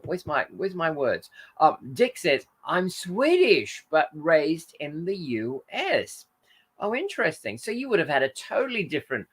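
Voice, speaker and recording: Reading out viewer comments in a casual live-stream, the male channel host is chatty and very animated in pitch, wandering off his point and then fixing himself.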